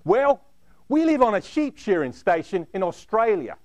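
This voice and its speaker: A man's voice: high voice, big pitch swings, normal speed, no echo, pitched above the performer's own voice. Man doing a blunt bearded Aussie rugby bloke. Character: rough bearded Australian rugby player, male.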